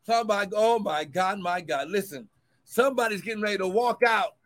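A man preaching a livestreamed sermon as pastor and prophet, swinging between shouted cries of glory and quick, low asides to viewers.

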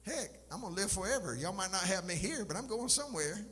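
A man's voice: sits high, animated, quick pace, fairly bright tone. A man preaching a sermon as pastor, emphatic and impassioned, with folksy asides to his congregation. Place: church sanctuary. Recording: live church recording, long reverb, faint noise.

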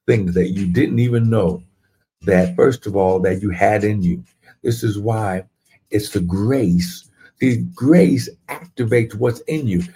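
Fervent low-voiced man preaching a livestream. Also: dark tone, breathy edge. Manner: fervent, repetitive preaching with rising exclamations. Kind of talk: livestreamed sermon.

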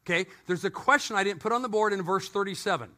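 Middle-aged male pastor, high and bright voice, animated storytelling sermon with playful asides. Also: quick pace.

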